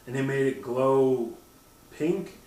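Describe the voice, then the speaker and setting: A man chatting casually on a podcast, animated and profane, often mimicking voices as he talks. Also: medium pitch, slow, distant mic. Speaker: podcast co-host. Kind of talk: casual chat. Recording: roomy, off-mic sound.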